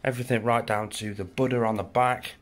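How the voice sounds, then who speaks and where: A man's voice: mid-range voice, steady tone, a little fast. British man giving a night reptile tour. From England. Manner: chatty, talks to his animals. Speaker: reptile keeper and channel host. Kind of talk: casual walk-through narration. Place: reptile room at night, indoors.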